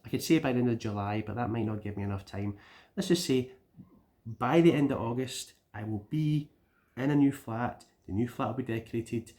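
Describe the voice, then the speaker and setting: A man's voice: medium pitch, a little fast, a little mellow. A Scottish man giving a casual vlog update, rambling, with repeated words and restarts. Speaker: gaming YouTuber.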